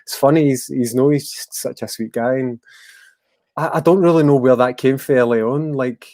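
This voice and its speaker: A man's voice: mid-range voice, moderate pace, mellow, no room sound. A man with a West of Scotland accent, a musician guest talking casually in a rambling, hesitant way with many fillers. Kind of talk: casual interview chat.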